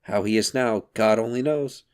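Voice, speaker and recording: A man's voice: fairly low pitch, normal speed, clean tone, close to an everyday voice. A man reading aloud, voicing a witty, irreverent young woman with dry, teasing remarks.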